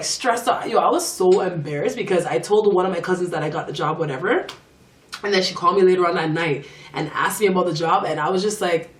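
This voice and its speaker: A young woman telling a storytime in an animated, slangy way, acting out the quotes. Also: fairly low pitch. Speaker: vlogger. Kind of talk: storytime vlog. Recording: roomy, mic at a distance.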